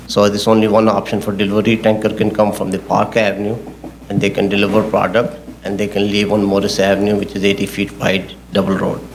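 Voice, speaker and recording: A man, the project engineer, presenting his case at a public zoning hearing in a halting, technical way, often repeating himself. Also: on the low side, slight background noise.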